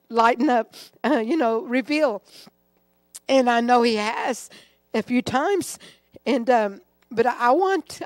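A woman's voice: sits high, dry recording. An older woman giving an emotional, rambling testimony in church. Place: church sanctuary.

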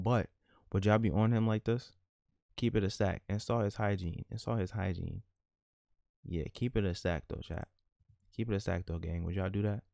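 A man narrates a life-sim let's play, animated and full of slang, talking straight to his chat. His voice sits low, and the recording is dry with no room sound. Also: gravelly, dry recording. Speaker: gaming YouTuber.

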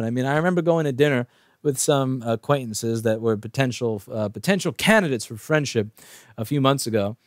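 A man's voice: medium pitch, expressive, brisk, dry recording. A man hosting his own channel, telling an anecdote in a casual monologue with wry, rambling restarts. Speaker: channel host.

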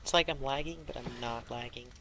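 A man's voice: medium pitch, brisk, fairly bright tone, a little hiss or hum, rough recording. A young man casually commentating a horror game, joking and muttering asides to himself. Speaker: gameplay commentator.

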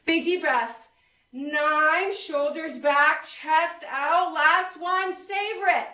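A woman's voice: sits high, drawn-out words, sharp tone. A woman fitness instructor leading a workout class, counting reps, giving cues and whooping to encourage. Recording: roomy, distant and dull.

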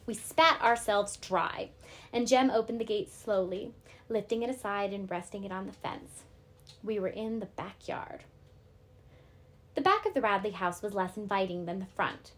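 A woman teacher reading a novel aloud to her class, steady and clear. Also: medium pitch, normal speed.

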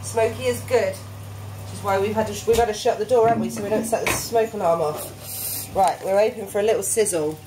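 A woman's voice: medium pitch, a little fast. A woman in her thirties, casually explaining a recipe in her home kitchen while guiding her little boy, filmed on her phone. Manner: chatty, instructive, coaxing a small child. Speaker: parent teaching a recipe. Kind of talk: casual cooking demonstration. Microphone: phone camera held by hand. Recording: noisy home kitchen recording.

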